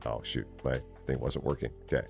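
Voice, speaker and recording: A man's voice: fairly quick, creaky, over music. A man chatting casually and joking as he live streams a store simulator game, rambling and laughing. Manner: jokey, rambling, laughs often, lively swings in pitch.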